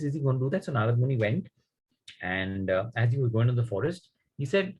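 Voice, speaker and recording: A man's voice: medium pitch, animated, brisk, darkish tone, slightly rough, poor audio. A man telling a story to children in a conversational way, often asking them questions.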